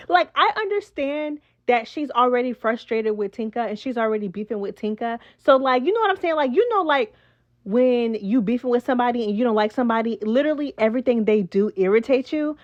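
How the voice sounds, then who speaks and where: A woman's voice: fairly high pitch, expressive, brisk, dull audio. A woman hosting a reality TV recap, chatting casually and sassily, often calling her listeners "child" and "girl". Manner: chatty, sassy, says "child" and "girl" a lot. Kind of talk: casual gossip commentary.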